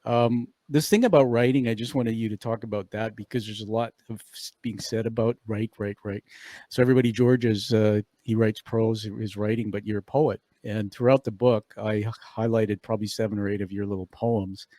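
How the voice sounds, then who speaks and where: A man's voice: on the low side, steady tone, fairly quick, warm tone, no room sound. A man hosting a podcast interview, enthusiastic and casual, calling his guest dude and swearing now and then. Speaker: podcast host.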